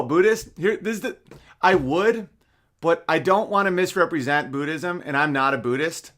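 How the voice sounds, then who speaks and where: A man hosting a casual livestream, reading listener messages aloud with rambling, profane asides that swing from mumbles to loud bursts. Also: a little high.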